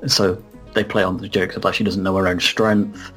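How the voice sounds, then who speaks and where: A man's voice: low-pitched, level tone, brisk, a bit bright, faint music behind. A man co-hosting a casual podcast discussion, explaining and informing. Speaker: podcast co-host.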